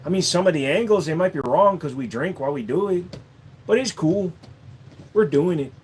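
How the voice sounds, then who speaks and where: Man doing a handyman, mock Mexican accent, cocky, loose drawl, high-pitched. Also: lively intonation, normal speed, darkish tone, slight background noise, lightly acted. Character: boastful laid-back male handyman.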